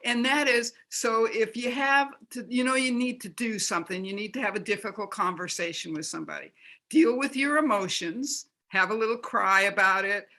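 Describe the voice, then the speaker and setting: A woman's voice: fairly high pitch, normal speed, pushed and bright. A woman who is an author, guesting on an interview and giving practical coaching tips step by step. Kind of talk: conversational interview.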